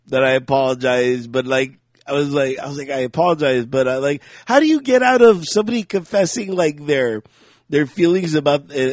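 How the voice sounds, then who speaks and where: A man's voice: a little high, no room sound, studio quality. A man co-hosting a podcast in casual chat, telling rambling stories, laughing often and acting out what people said. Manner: rambling storyteller, laughs often, acts out quotes. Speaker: podcast co-host.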